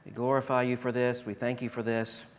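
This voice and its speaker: A pastor delivering a sermon and closing prayer, rising to loud emphatic declarations and dropping to hushed, slow prayer. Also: male voice, mid-range voice, little pitch movement. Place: church sanctuary. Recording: long reverb of a large hall.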